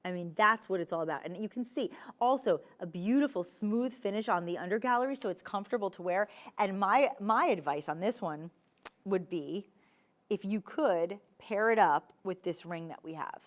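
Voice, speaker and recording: A woman with a New Jersey accent hosting live shopping television, selling jewelry with a chatty, enthusiastic, playful pitch. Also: expressive, moderate pace. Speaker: shopping channel host.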